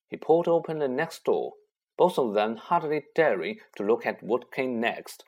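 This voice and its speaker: A man narrating a children's fantasy novel aloud with expressive storytelling and a husky voice. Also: mid-range voice, moderate pace, dull audio. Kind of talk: audiobook reading.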